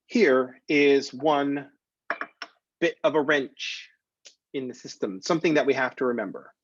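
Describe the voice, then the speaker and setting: A male math instructor teaches a recorded lecture in a casual, digressive way, joking as he goes. His voice sits in a middle pitch. The recording is dry and a little dull, with no room sound. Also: measured pace, no echo. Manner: conversational, digressive, jokey.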